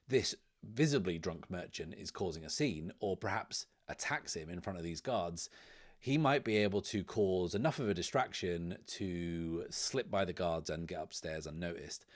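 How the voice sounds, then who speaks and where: A man playing and narrating a solo tabletop game, thinking aloud in a loose, chatty way. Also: low-pitched.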